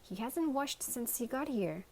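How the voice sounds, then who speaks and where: A woman's voice: fairly high pitch, lively intonation, unhurried, warm tone, voice pushed up. A woman voicing an eager, chatty lost toy in a storybook reading.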